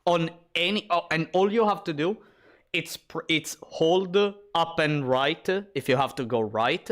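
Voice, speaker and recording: Excitable man streaming a retro shooter. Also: a little high, a little slow. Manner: rambling, excitable, swears and laughs when surprised. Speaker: streamer playing a shooter game. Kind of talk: casual gameplay commentary.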